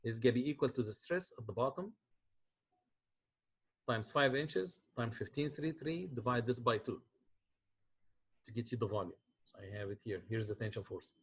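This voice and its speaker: A man's voice: mid-range voice, moderate pace, pauses often, slightly rough. A man teaching a university engineering class, explaining calculations step by step and often checking that students follow. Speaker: engineering lecturer. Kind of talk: university lecture.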